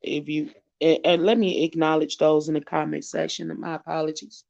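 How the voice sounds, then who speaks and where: A gravelly, tearful man hosts a live online show, speaking in a preacherly, urgent way with repeated phrases and casual shout-outs. His voice is fairly high with little pitch movement, at normal speed. The emotional exhortation comes through dull lo-fi stream audio.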